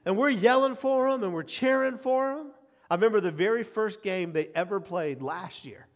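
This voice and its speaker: A middle-aged man preaching a sermon as pastor, emphatic, repeating key phrases and swinging from quiet asides to loud cheering. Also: sits high, moderate pace. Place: church sanctuary. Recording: long hall reverb.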